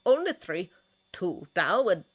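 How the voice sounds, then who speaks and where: A woman reading a fanfiction story, voicing a smooth-talking older male ruler who is patient and condescending. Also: fairly low pitch, sing-song, takes it slowly, exaggerated voice. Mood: evasive.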